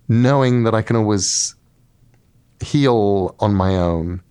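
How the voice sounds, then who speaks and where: A middle-aged man talks in a relaxed interview as a guest author. He tells stories with energy, slipping into little voices for the characters. His voice sits at an average pitch. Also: slow, smooth. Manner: lively storyteller, acts out quotes. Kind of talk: casual interview talk.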